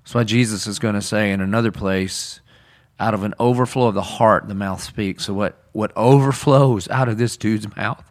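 A man's voice: fairly low pitch, moderate pace. A man, a pastor, talking through a Bible story in conversation, earnest and casual, acting out quoted lines with rising intensity. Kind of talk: sermon-style podcast discussion.

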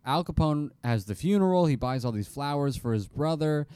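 Male co-host, smooth mellow storyteller, dry close sound. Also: a little high, lively intonation, a little fast, no room sound. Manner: storytelling recap with playful asides. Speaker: podcast co-host. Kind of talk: casual comedic history chat.

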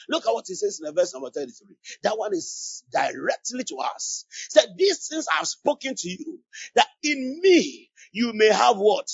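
A man's voice: extremely high pitch, big pitch swings, normal speed, gravelly, husky, no room sound. A man preaching a sermon with fervent call-and-response, repeating his key phrases. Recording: dull lo-fi sound.

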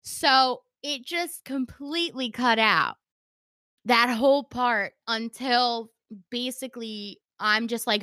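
A woman's voice: a little high, slow, no echo, studio quality. A woman telling a story in casual chat, acting out the quoted lines with lots of "like" fillers. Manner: animated, acts out quoted dialogue, many "like" fillers.

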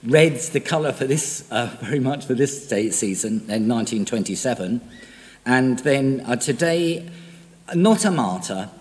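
A man's voice: mid-range voice, long reverb tail. An older male priest with an English accent, born in Australia, giving a conversational, self-deprecating homily with frequent fillers.

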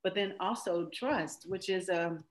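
A woman's voice: on the low side, measured pace, rough recording. A woman in a casual faith conversation who speaks reflectively and searches for her words, heard over a video call. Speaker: guest.

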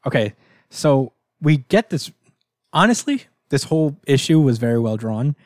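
A man's voice: mid-range voice, very animated, normal speed, no echo. Guy chatting about a comic, laughs a lot, cusses, dead dry sound. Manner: laughing, profane, acts out characters in quotes. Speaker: comic book podcast co-host. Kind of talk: casual chat recapping a comic.

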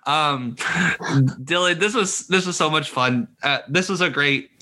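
A man's voice: on the high side, takes it slowly, bright, forceful tone. A young man co-hosting a sports podcast, ranting hotly and swearing as he talks. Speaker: podcast co-host. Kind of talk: casual sports podcast chat.

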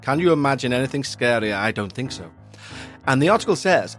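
A man's voice: mid-range voice, expressive, fairly quick, faint music behind. A man hosting a ghost-story podcast, chatting casually with puns and jokes, then reading a news story aloud. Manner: jokey, punning, chatty. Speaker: podcast host.

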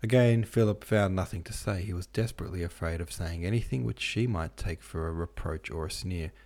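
A man with a very deep voice narrates a classic novel for an audiobook. His reading is steady and measured throughout. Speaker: audiobook narrator and podcast host.

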